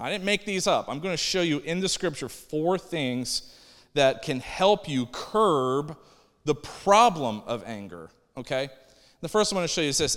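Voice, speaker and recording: A man's voice: fairly high pitch, a bit bright. A man preaching a conversational sermon as a pastor, acting out the people he quotes. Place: church sanctuary. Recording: long hall reverb.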